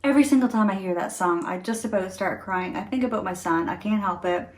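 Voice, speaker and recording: Middle-aged woman vlogging from home, chatty n earnest, laughs a lot, regular pitch. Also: quick pace. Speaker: beauty vlogger. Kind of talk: casual talk to camera.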